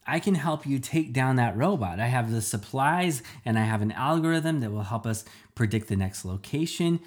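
A man's voice: mid-range voice, lively intonation, moderate pace, voice pushed up, close to an everyday voice. A man reading a storybook aloud, voicing a secretive young girl genius who argues insistently. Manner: pressing, argumentative.

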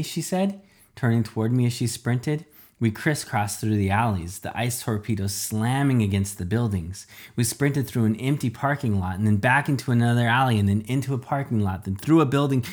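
A man narrating a children's audiobook in first person, expressive and dramatic. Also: fairly low pitch, moderate pace.

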